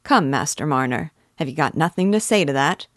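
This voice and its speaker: A woman's voice: low-pitched, lively intonation, brisk, a bit bright, no room sound, clean studio sound. A woman voicing a garrulous old male parish clerk who rambles in folksy rural dialect. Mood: advising.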